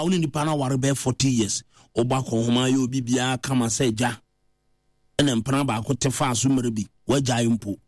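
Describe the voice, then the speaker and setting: A Ghanaian-accented man preaching in a relaxed, talky way, his voice sitting at a medium pitch and often jumping higher for emphasis. The recording is dry and close, with no room echo. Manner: animated, mixing languages, rising to high emphatic pitch. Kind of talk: conversational preaching.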